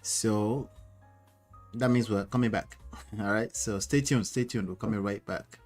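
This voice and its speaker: A man's voice: fairly low pitch, fairly even intonation, a little slow, loud music behind the voice. A man co-hosting a news show, upbeat and chatty as he runs the intros and sign-offs.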